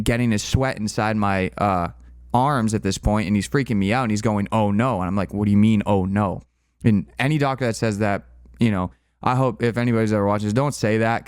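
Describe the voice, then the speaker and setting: A man's voice: fairly low pitch, darkish tone, smooth, no room sound, studio quality. A young man casually telling a long personal story, candid and rambling, with fillers and restarts. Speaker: channel co-host.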